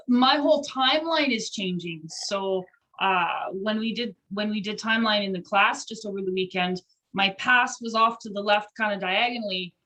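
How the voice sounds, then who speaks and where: A woman's voice: mid-range voice, bright, forceful tone, low-quality recording. A middle-aged woman student on a video call, sharing her experience in a reflective, chatty way.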